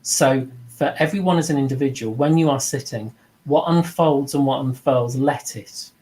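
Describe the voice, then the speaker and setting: A middle-aged man leads an informal spoken lesson on mediumship. His delivery is earnest and reflective, and his pitch sits in the middle range. He briefly takes on other voices when he quotes people. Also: moderate pace, darkish tone, poor audio. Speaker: mediumship teacher.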